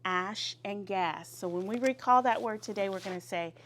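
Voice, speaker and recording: A woman teaching young children vocabulary in a classroom, leading them in call-and-response. She draws words out and praises each answer. Her voice sits at a middle pitch over a faint hiss. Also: normal speed.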